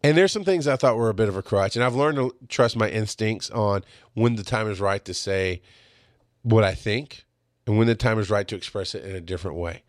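A middle-aged man hosting a podcast, telling stories in a blunt, rambling, high-energy monologue. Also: fairly quick, dry recording, studio quality. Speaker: podcast host. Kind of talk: casual monologue.

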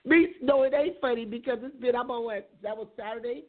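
A hoarse woman hosting a casual talk show, chatty and quick to laugh, often saying things twice. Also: a little high. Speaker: radio show host. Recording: tinny phone-like sound.

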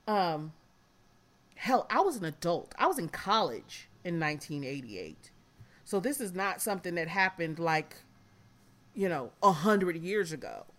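A woman's voice: fairly low pitch, sing-song, a little slow, fairly bright tone. Blunt, swearing woman host in her fifties. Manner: blunt, frank, swears freely, calls guests darling. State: emotional, close to tears. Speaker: podcast host. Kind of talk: casual podcast chat.

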